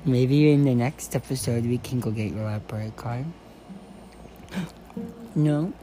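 A woman's voice: rumbling low, unhurried, background noise. A woman hosting a playful comedy vlog, teasing her dog and talking to it like a baby.

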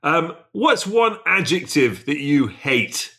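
A man's voice: fairly high pitch, big pitch swings, slow pace, pushed and bright. A man hosting a casual interview show, asking questions in a playful, teasing way. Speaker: show host.

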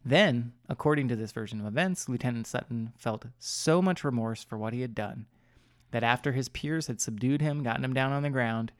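A man of middle pitch tells a story on a podcast in loose, chatty fashion. He rambles, stumbles on words and pokes fun at himself with frequent laughs. The sound is close and dry. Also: brisk, dry recording. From Maryland. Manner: rambling, self-deprecating, laughs often, stumbles over words. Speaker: podcast co-host. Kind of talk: casual storytelling chat.

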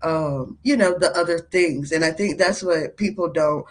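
Podcast guest: young woman, lively storyteller who laughs easily. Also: on the low side, moderate pace. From North Carolina, USA. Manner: animated, laughs often, many fillers. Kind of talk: casual interview storytelling.

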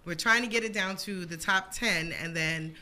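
A woman's voice: fairly low pitch, moderate pace, bright, forceful tone. A woman who hosts her own radio show, chatting as a podcast guest in a loose, rambling way with lots of fillers. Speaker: radio show host and creator. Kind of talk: casual podcast guest chat.

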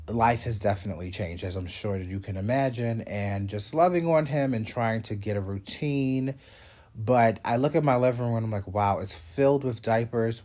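A man's voice: fairly low pitch, a little mellow. A man with a congested voice, hosting a casual vlog update and rambling chattily with fillers and asides. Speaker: show host.

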